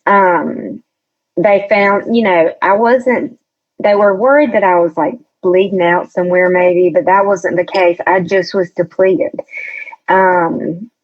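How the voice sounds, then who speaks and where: A woman's voice: fairly low pitch, takes it slowly, phone-quality sound. A woman guest telling a personal story in a casual interview. She chats freely, acts out what others said, and laughs often. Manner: chatty storyteller who acts out quoted voices, laughs often. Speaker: podcast guest.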